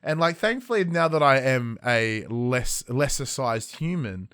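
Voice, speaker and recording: Smooth and a little slow, the mid-range voice belongs to an Australian podcast host in his thirties who chats casually and acts out quotes in his animated storytelling. It's a studio-quality recording with no room sound.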